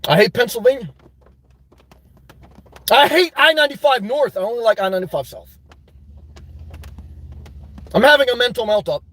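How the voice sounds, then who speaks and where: A man hosting a live stream, ranting emphatically about his life and shouting out his supporters, worked up and sweating. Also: very high voice, expressive, normal speed, pauses often, no room sound. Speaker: livestream host.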